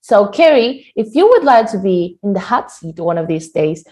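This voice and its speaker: A woman teaching a live online Spanish lesson on a video call, lively and quick to laugh. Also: medium pitch.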